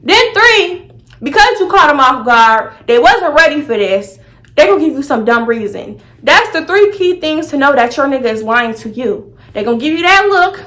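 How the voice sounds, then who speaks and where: A young woman vlogger telling a personal story in a sassy, animated, dramatic way. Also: sits high, normal speed. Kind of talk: storytime vlog.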